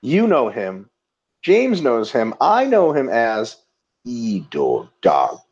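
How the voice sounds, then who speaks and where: A man co-hosting a casual webinar, joking and swearing as he tells animated stories. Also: medium pitch, slow. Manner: profane, joking, animated storytelling. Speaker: webinar co-host. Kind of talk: casual chat. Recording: dull lo-fi audio.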